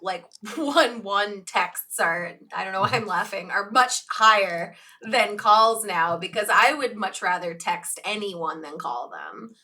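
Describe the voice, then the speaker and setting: Woman, 30s, podcast co-host, bright clear tone, teasing and sarcastic. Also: mid-range voice, animated, unhurried, hardly any pauses. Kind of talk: casual chat.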